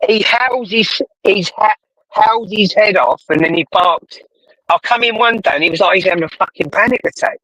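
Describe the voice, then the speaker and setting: A British man with a high, bright voice chats in a loose, rambling way, swearing freely. The sound is close and dry, with no room around it. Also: moderate pace, no echo, rough recording. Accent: British English. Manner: rambling, swears a lot, chuckles. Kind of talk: casual chat.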